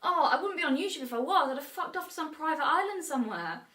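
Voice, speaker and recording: A woman's voice: high voice, expressive, fast, bright, forceful tone. Wry English woman in a roomy echo. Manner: wry, indignant. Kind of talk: vlog commentary. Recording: roomy, distant mic.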